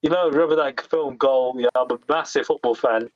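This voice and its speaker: Excitable, sweary man on a dull line. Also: medium pitch, brisk, no echo. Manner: enthusiastic, sweary, laughs easily. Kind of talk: casual chat. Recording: dull lo-fi sound.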